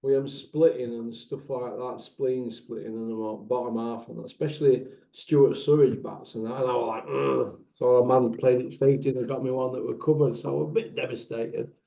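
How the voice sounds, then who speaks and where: A man hosting a casual chat, animated and bantering, swearing freely. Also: mid-range voice, brisk, vocal fry, few pauses, echoey room. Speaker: channel host. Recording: dull lo-fi sound.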